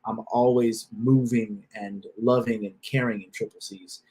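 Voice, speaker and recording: Husky man, blunt and profane, repeats himself: self-help speaker. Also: on the low side, fairly even intonation, a little slow, warm tone, rough recording. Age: adult with a wife and children. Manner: repeats phrases, restarts. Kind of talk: casual motivational talk.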